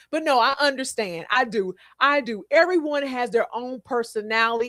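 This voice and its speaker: Chatty podcast host, a woman with a high voice. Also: fairly quick, few pauses, dry recording, studio quality. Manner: animated, chatty, repeats herself, talks to listeners by name. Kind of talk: live podcast chat reading viewer comments.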